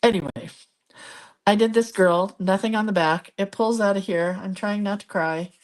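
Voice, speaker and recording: A woman's voice: medium pitch, moderate pace. Chatty woman hosting a live craft stream. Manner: chatty, rambling, reads viewer comments aloud. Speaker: craft video host. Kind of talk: casual live crafting chat.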